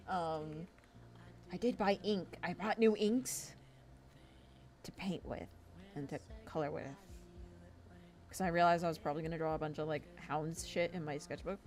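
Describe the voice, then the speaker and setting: A woman streamer with a low-pitched, darkish voice chats casually while drawing, ranting with plenty of swearing and acting out imagined arguments. Music plays behind her.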